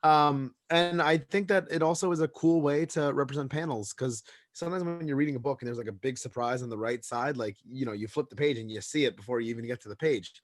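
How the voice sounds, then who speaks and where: A young man hosting a podcast in loose, rambling, self-deprecating chat. His pitch sits mid-range, and the dry recording has no room sound. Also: quick pace, few pauses, no echo. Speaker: podcast host. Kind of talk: casual chat.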